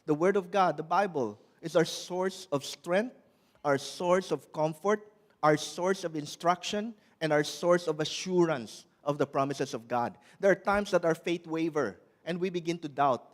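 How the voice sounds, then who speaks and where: Earnest preaching man, slightly high voice. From Malaysia. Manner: earnest preaching, slowing and pressing on scripture quotes; repeats and restarts words. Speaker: pastor. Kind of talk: sermon.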